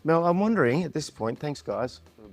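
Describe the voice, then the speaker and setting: A man's voice: fairly high pitch, lively intonation, brisk, faint music behind. Encouraging man co-hosting a podcast. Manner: encouraging, upbeat, asks follow-up questions. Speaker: podcast co-host. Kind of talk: casual discussion with children.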